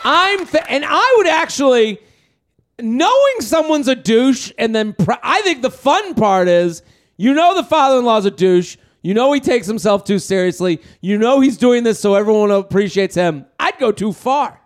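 High-pitched guy hosting a podcast, jokey, swears a lot, gets loud for bits, studio mic. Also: moderate pace. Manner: animated, jokey, swears freely, breaks into shouted bits. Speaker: podcast host. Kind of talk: casual comedic podcast chat.

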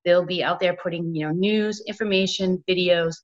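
A woman's voice: lowish voice, fairly even intonation, normal speed, lo-fi sound. A woman hosting a casual podcast interview, rambling with lots of "you know" fillers. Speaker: podcast host.

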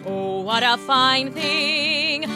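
A woman's voice: high-pitched, animated, drawn-out words, pitched above the performer's own voice, exaggerated voice. A woman voicing a greedy, gold-loving male king who sings and muses aloud. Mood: singing wistfully. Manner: sings to guitar, then speaks in musing asides. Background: guitar music.

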